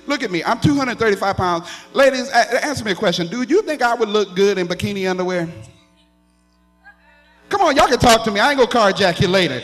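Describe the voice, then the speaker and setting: A man performing an animated stand-up set on a theater stage, working the crowd with a drawl. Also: high-pitched, fairly quick, faint music behind. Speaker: stand-up comedian. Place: theater stage with live audience laughing.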